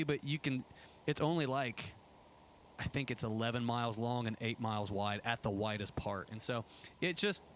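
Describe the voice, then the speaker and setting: A man's voice: mid-range voice, a bit bright, a little hiss or hum. A man giving a casual church presentation about a trip, chatty and enthusiastic, with many fillers and restarts. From United States. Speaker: pastor. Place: church sanctuary.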